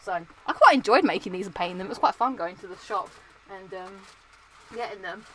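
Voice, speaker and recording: A young woman from Britain chatting casually and excitably, looking through old belongings and coughing now and then from dust. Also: medium pitch, brisk, a little hiss or hum, rough recording. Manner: chatty, excitable, sings entrance themes. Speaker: vlogger. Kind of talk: casual chat.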